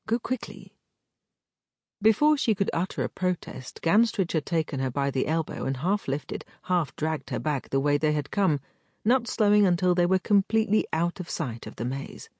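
Low, husky woman narrating a novel. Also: normal speed, dry recording, studio quality. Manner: expressive storytelling. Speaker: audiobook narrator. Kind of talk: scripted romance narration.

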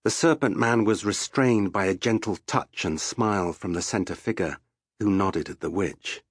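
A man narrating a fantasy story for an audiobook in a slow, measured storytelling voice. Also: on the low side, breathy edge, dry recording, studio quality.

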